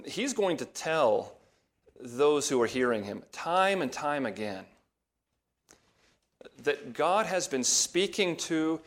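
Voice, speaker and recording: A man preaching a verse-by-verse sermon as pastor, in a measured teaching tone that leans on key words. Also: a little high. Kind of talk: expository sermon.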